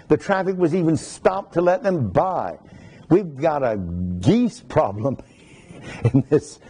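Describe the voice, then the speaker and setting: Warm, husky preaching man. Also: fairly high pitch, poor audio. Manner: preaching with scripture readings and folksy asides. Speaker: pastor. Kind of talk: sermon.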